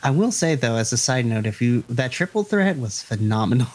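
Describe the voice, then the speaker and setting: Male podcast co-host, mid-pitched voice, playful and blunt, laughs a lot. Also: sing-song, brisk, darkish tone. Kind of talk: casual chat reacting to wrestling.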